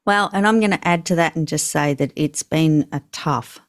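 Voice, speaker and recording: A woman from the Southern Hemisphere guesting on a podcast, with a slightly low voice. She talks in a chatty way, full of fillers. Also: moderate pace. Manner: chatty, uses many fillers. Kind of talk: casual podcast chat.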